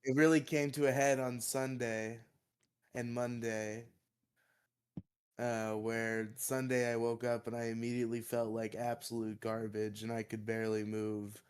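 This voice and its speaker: A man's voice: medium pitch, flat delivery, measured pace, clean tone. A young man, congested and coughing, rambling and swearing casually as a podcast co-host. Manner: swears freely, rambling and defensive.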